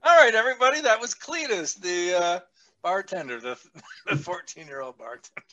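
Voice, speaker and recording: A man hosting a casual podcast, profane and animated, who laughs often and acts out the people he quotes. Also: high-pitched, moderate pace, muffled recording. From a big US city. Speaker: podcast host.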